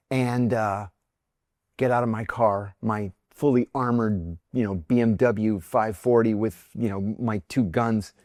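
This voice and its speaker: A man's voice: mid-range voice, darkish tone, no echo, clean studio sound. A middle-aged man from near Pittsburgh, a podcast guest telling vivid personal stories and acting out the voices of people in them. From near Pittsburgh, United States. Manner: vivid anecdotes, acts out quoted voices. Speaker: podcast guest, former intelligence officer. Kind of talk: candid storytelling in conversation.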